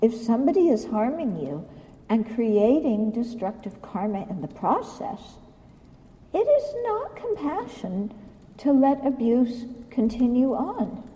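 A woman teaching Buddhist ideas at a slow, deliberate pace, blunt and pointed as she questions her listeners. Her voice is dark and mellow, and a long hall reverb trails behind each phrase. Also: on the high side, sing-song. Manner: blunt, questioning, acts out quotes. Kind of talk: dharma talk.

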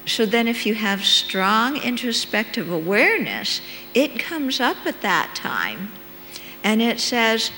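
Woman, meditation teacher, unhurried dharma talk, long hall reverb, faint hum. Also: on the high side, very animated, sharp tone. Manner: unhurried, checks in with listeners with "okay?".

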